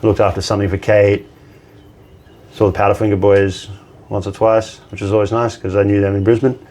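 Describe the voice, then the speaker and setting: A man's voice: lowish voice, brisk. A man, a bartender guest on a podcast, telling stories casually, swearing and acting out the people he quotes. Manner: animated anecdote teller, swears, acts out quotes. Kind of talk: casual storytelling chat.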